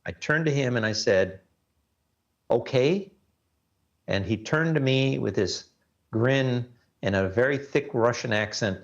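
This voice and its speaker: A man being interviewed as a guest, earnestly recounting a personal ordeal and letting his voice sink low at the grim parts. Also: a little slow, long pauses, dull audio. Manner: earnest storytelling, voice drops low at grim moments. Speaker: guest, reporter.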